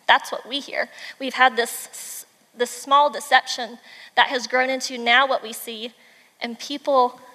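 High-voiced woman giving an animated devotional talk. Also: measured pace, long reverb tail. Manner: animated storyteller, emphatic with asides. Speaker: mother and devotional speaker. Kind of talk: devotional talk retelling a children's book.

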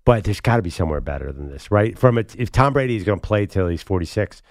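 A man's voice: lowish voice, lively intonation, fast, no echo, clean studio sound. A man co-hosting a sports talk show, trading wry, skeptical takes in casual debate.

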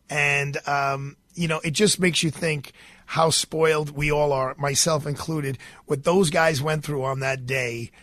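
A man's voice: a little high, a bit bright, no room sound. A middle-aged man hosting a radio talk show, telling stories in a chatty, rambling way into a studio mic. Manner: chatty storytelling with fillers and restarts. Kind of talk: casual radio monologue. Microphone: studio microphone.

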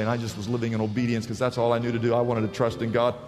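A man's voice: mid-range voice, monotone, very fast, few pauses, a little mellow, in a large hall, soft background music. A man pastor preaching a sermon, telling stories animatedly and acting out the people he quotes.

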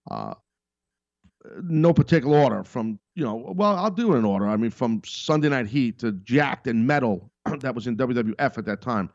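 A man's voice: medium pitch, expressive, normal speed, darkish tone, no echo. Emphatic, rambling man hosting a podcast. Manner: rambling, emphatic, self-interrupting. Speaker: podcast host and wrestling commentator. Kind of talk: casual monologue. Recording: dull lo-fi dry sound.

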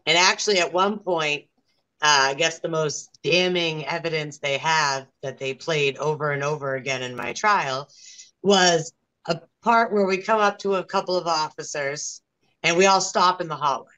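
Young woman, interviewee, low register, aggrieved and earnest. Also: moderate pace, pushed and bright, low-quality recording. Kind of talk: casual interview.

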